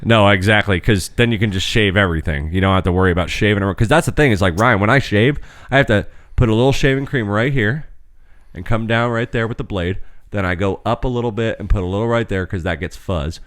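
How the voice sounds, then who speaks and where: A man with a fairly low voice tells a rambling story on a casual podcast. His delivery is loose and profane, with sudden jumps in pitch. The sound is dry and close to the mic. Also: fast, fairly bright tone, no echo. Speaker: podcast co-host and restaurant server.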